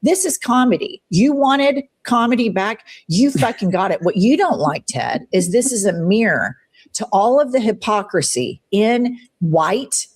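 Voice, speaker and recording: A woman's voice: medium pitch, animated, a little slow, husky. A woman hosting a show, giving heated, profane political commentary with swooping emphasis. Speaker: show host.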